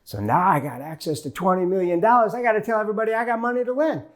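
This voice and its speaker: A man's voice: sits high, rapid-fire. A middle-aged man giving a motivational keynote to a live audience, telling a story and acting out the conversations in it. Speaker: keynote speaker. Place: stage before a live audience.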